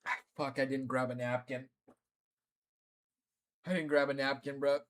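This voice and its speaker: A man's voice: medium pitch, little pitch movement, a little slow. A young man livestreaming, teary and in pain, groaning and swearing as he talks casually to his chat. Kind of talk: casual live-stream chat.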